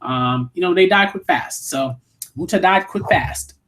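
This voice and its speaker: A man's voice: high-pitched, unhurried, a bit bright. A man giving casual, rambling live-stream commentary while reading a manga, full of fillers and swearing. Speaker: manga reviewer streaming a read-through.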